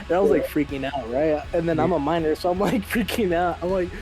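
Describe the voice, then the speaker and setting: A young man telling an animated story with laughs in casual chat as a podcast co-host. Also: on the high side, brisk. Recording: clear music behind the talk.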